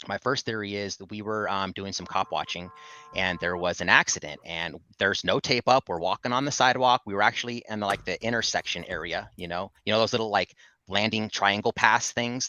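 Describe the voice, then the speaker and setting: A man talks casually, telling a rambling story and correcting himself along the way. His tone is bright and sharp, the sound is dry and close, and the lo-fi clip dulls it. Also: on the low side, fairly quick, dry recording. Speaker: auditor. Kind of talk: casual video talk. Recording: dull, lo-fi clip.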